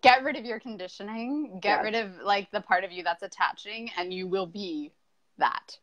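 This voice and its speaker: Brief: woman podcast host, middle pitch, eager agreement, quick to laugh. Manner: warmly affirming, eager agreement, frequent laughter. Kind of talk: casual interview chat.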